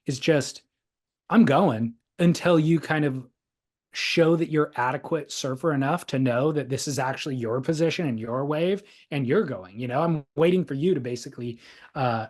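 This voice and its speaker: A man's voice: on the high side, moderate pace. A man hosting a casual podcast chat, talking things over thoughtfully and reading a listener's letter aloud. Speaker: podcast host.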